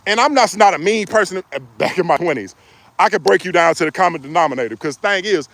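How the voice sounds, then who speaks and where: A man's voice: high voice, lively intonation, quick pace, a bit bright. A middle-aged man giving relationship advice in a joking, preachy way. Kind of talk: casual advice monologue.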